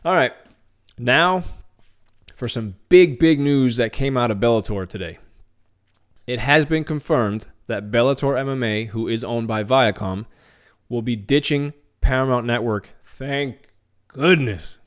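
A man hosting a podcast, chatting casually and excitedly about MMA news, often repeating words and restarting his phrases. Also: medium pitch, unhurried, smooth. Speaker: podcast host.

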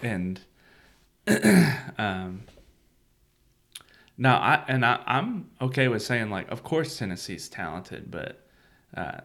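A man's voice: medium pitch, sing-song, takes it slowly, long pauses, fairly bright tone. A man co-hosting a church podcast, chatting casually and laughing often. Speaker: podcast co-host. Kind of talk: casual chat.

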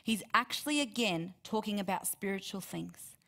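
A woman's voice: medium pitch, normal speed, gravelly. Earnest woman preaching a sermon. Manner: earnest and animated, reads scripture then explains it.

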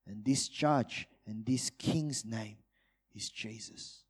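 A man preaching a sermon to his congregation, moving between urgent, loud peaks and hushed, drawn-out phrases. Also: breathy edge. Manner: dynamic, swings from loud urgent peaks to hushed low delivery.

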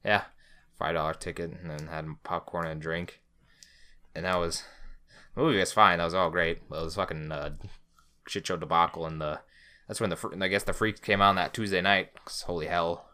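A man's voice: low-pitched, fairly even intonation, brisk, sharp tone, clear, resonant tone. A man, co-hosting a casual podcast, telling a rambling story and swearing freely. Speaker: podcast co-host.

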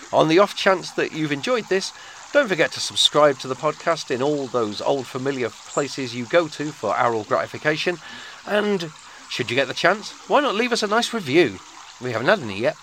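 Sardonic man, lively delivery. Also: medium pitch, slight background noise. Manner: dry, sarcastic, theatrical. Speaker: podcast host. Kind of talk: scripted sardonic monologue.

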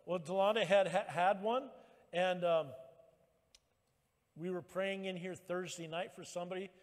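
High-voiced preacher in a reverberant hall. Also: male voice, steady tone, unhurried. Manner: emphatic, rising to loud exhortation. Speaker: pastor. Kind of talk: sermon. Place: church.

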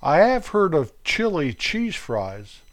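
A man's voice: a little high, very animated, slow pace. A middle-aged man with an American accent, delivering a playful, goofy comedic monologue and poking fun at himself. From United States. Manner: playful, goofy, self-mocking.

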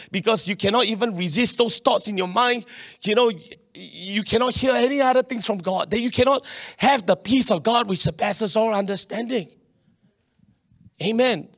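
High-voiced pastor preaching. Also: male voice. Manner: animated, acts out quoted voices, swings between loud and quiet. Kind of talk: sermon.

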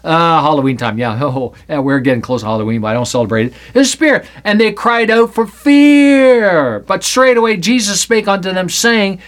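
A man's voice: on the high side, lively intonation, fairly quick, hardly any pauses, a bit bright. A man giving an informal Bible teaching, reading scripture and joking as he acts out the scenes. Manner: playful, acts out scripture with put-on voices.

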